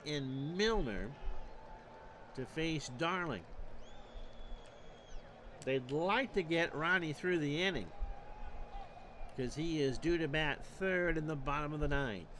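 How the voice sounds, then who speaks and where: A man calling baseball play-by-play for a streamed replay, measured and stat-heavy with dry asides. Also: a little high, fairly bright tone, a little hiss or hum. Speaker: play-by-play announcer.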